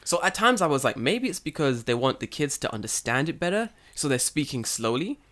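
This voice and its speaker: A man's voice: mid-range voice, very animated, fairly quick, fairly bright tone. A man co-hosting a casual podcast, an English teacher in Japan telling classroom stories, laughing often and swearing freely. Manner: laughs a lot, swears, acts out voices in anecdotes. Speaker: podcast co-host. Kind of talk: casual chat.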